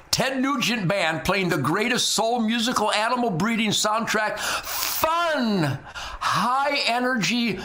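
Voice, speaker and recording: An older man hosting his own show in a brash, jokey, rambling monologue, full of boasts and shout-outs. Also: on the high side. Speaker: show host.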